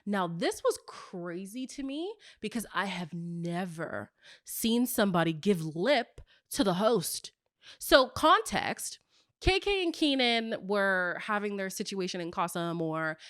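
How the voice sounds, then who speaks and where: A woman hosting a casual, gossipy recap show, telling stories in an animated way with playful hushed asides. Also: a little slow, no echo, clean studio sound. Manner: animated storyteller, acts out quotes with big pitch jumps. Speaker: host of a reality TV recap show.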